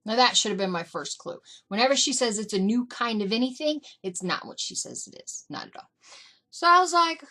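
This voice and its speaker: A middle-aged woman recounts family stories in a relaxed vlog. Her voice sits a little high and swings widely in pitch. She slips into the voices of her relatives as she tells it. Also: a little fast. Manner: animated, acts out family members in quotes. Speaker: vlogger. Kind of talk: casual storytelling. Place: indoors.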